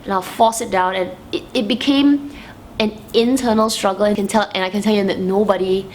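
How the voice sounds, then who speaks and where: A woman's voice: medium pitch, fairly even intonation, brisk, darkish tone, a little hiss or hum. A young adult woman talking candidly to camera in a vlog, with many restarts as she quotes her own inner voices. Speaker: vlogger answering viewer questions. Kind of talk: candid personal talk to camera.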